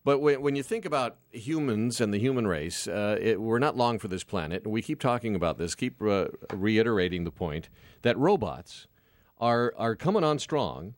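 A man's voice: lowish voice, moderate pace, no room sound, studio quality. A man co-hosting a casual talk show, joking and steering the topics. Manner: relaxed, joking, leads topic changes. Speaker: radio show co-host. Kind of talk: casual morning-show banter.

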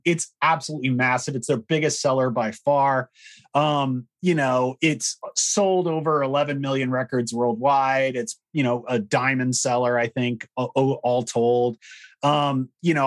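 Male podcast co-host, casual and opinionated, loose delivery full of fillers. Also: mid-range voice. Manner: opinionated, frank, with many fillers. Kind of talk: casual chat about music history.

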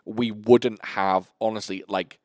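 Speaking slowly in a lowish voice with fairly even intonation, a podcast host enthusiastically rattles off kung fu film titles in casual chat, cursing freely. The sound is clean studio quality with no room sound.

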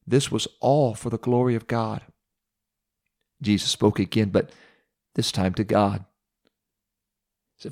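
A preacher retelling a Bible story in a sermon, dramatic and expressive, with pauses and emphatic repetition. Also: male voice, on the low side.

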